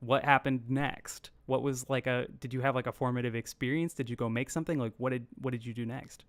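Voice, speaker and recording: A man hosting a casual interview, relaxed and a little rambling, joking about his own sidetracking. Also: medium pitch, fairly quick, no echo. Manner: relaxed, rambling, self-deprecating. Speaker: host.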